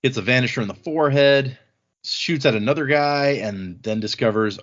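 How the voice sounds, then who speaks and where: A man casually recapping a book chapter on a podcast, rambling and animated as he retells the action. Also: medium pitch, moderate pace. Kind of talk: casual chat. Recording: slightly dull lo-fi sound.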